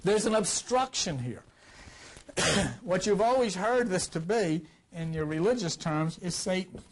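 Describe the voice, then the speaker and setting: An older man with a high-pitched voice teaching a class on scripture. He rambles and talks to the room in a conversational way, with big swings in loudness. His voice has a slight roughness from recent coughing. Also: animated, measured pace. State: recovering from a cough. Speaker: lecturer.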